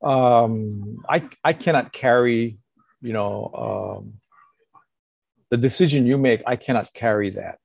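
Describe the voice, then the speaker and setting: A man's voice: mid-range voice, slow, vocal fry, dry recording. An older man, a pastor giving earnest counsel in casual conversation and acting out quotes as he tells stories. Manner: earnest, animated storytelling with acted quotes and chuckles.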